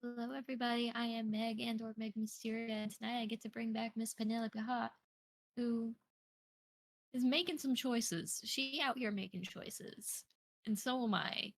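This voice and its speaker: A woman's voice: on the high side, fairly even intonation, moderate pace. A woman player talking casually and playfully, narrating her character. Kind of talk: casual chat and role-play narration.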